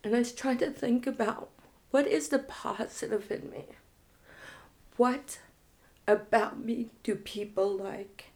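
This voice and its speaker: Woman, recovery story, reflective, halting, frank, slow pace, gravelly creak. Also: a little high, a little mellow. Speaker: guest in recovery.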